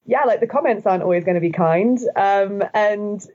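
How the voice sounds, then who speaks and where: A woman's voice: mid-range voice, normal speed, lo-fi sound. Chatty woman with upward inflection. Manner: upward inflection, frequent likes and laughs. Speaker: guest, video host. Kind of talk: casual podcast conversation.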